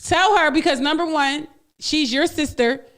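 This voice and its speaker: A woman's voice: high voice, moderate pace, a bit bright. A woman co-hosting a radio show, chatting casually, teasing her partner and laughing often. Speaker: radio co-host.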